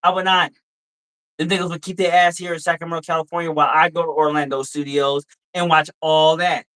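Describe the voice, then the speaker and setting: Drunk man, loud, profane, argumentative, repeats himself, casual stream chat. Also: fairly high pitch, little pitch movement, a little fast, poor audio. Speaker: livestream host. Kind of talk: casual chat reading viewer comments.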